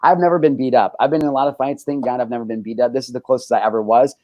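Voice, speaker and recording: A man's voice: mid-range voice, racing, no room sound. A man hosting a casual talk show, telling a wild story with lots of swearing and energy. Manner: animated storytelling, heavy swearing. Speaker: host. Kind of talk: casual chat.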